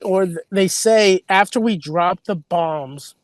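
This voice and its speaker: A man's voice: high voice, slow pace, no room sound. A male comedian chatting as a podcast guest, telling rambling stories and acting out what people said. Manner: rambling storyteller, acts out quotes. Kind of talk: casual podcast chat.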